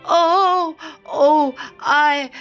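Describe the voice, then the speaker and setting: A woman's voice: high-pitched, steady tone, very slow, a bit bright, voice pushed up, heavily acted. A woman voicing a timid, kindly man who stammers and hesitates nervously, in a storybook reading. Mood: flustered. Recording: faint music behind.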